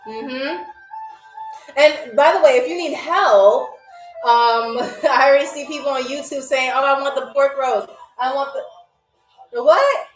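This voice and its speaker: A woman hosting a live stream as a playful flight attendant, chatty and animated, calling viewers y'all. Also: high-pitched, unhurried, distant mic. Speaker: host playing a flight attendant on a live game show. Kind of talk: playful live-stream role-play as stewardess. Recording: echoey room, off-mic, faint music.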